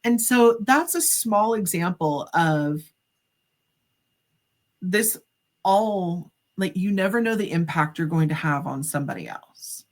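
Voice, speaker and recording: A woman's voice: fairly low pitch, takes it slowly. A middle-aged woman, a psychic medium, telling a story as a podcast guest, acting out the dialogue with many casual fillers. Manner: animated, acts out quoted dialogue, frequent "like" fillers.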